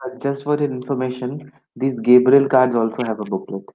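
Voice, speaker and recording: A man's voice: medium pitch, fairly quick, warm tone, poor audio. Man, co-host, casual live chat, short easygoing remarks, mid-range voice. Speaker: co-host tarot reader.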